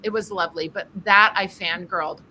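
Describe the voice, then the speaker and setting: A woman's voice: medium pitch, fairly even intonation, fairly quick, background noise. A woman hosting a charity tarot stream, chatting casually and laughing often as she tells stories and reads cards. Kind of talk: casual storytelling and tarot reading.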